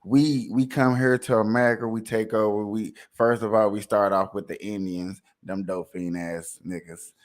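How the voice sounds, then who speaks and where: A man's voice: on the low side, moderate pace, few pauses. A man hosting a casual, joking commentary show, laughing and riffing. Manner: animated, joking, laughing often. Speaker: host.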